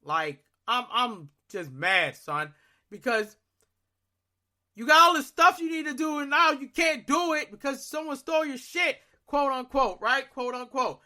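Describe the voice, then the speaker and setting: A young man on a podcast, telling a story in casual, profane chat that swings into loud, exasperated outbursts. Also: extremely high pitch, measured pace. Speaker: podcast co-host.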